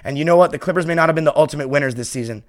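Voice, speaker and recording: A man hosting a sports podcast, delivering a passionate fan monologue that swings from heated ranting to quiet, heartfelt reflection. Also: on the high side, very fast.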